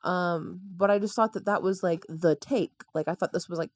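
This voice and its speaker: A woman's voice: on the low side, steady tone, normal speed. A woman from the American South co-hosting a podcast, chatting casually about a film and hedging with lots of "like". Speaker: podcast co-host.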